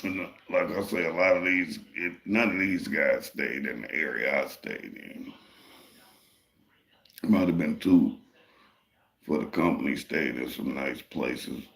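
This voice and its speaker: A deep, gravelly man tells a long story in a loose, profane, streetwise way. His voice rings a little in an echoey room. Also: unhurried, fairly bright tone. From Detroit, Michigan. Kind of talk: casual storytelling.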